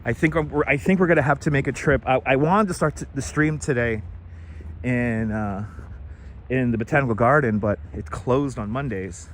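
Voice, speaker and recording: Biking outdoors through a city park, a middle-aged man live streams in a casual chat, reading viewers' names and thanking them. He speaks at a normal speed in a mid-range voice. The audio comes from a wireless lapel mic and has a little hiss or hum.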